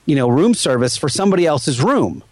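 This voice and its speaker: Man, 40s, podcast host; lively storyteller, dry close sound. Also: a little high, a little fast, no echo. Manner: animated, acts out quoted voices. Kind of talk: casual storytelling chat.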